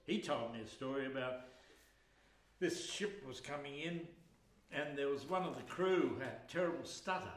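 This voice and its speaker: A man's voice: medium pitch, animated, normal speed. A man with an Australian accent telling rambling stories between folk songs and singing them at a live concert, with many ums and uhs. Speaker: folk singer and bandleader. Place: music hall. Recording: echoey hall with loud accordion music.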